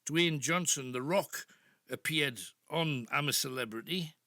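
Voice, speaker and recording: A man's voice: a little high, unhurried, bright, forceful tone, no echo, studio quality. An older man with a Northeast English accent hosting a late-night radio phone-in, telling rambling anecdotes. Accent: Northeast English (Geordie). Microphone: studio microphone.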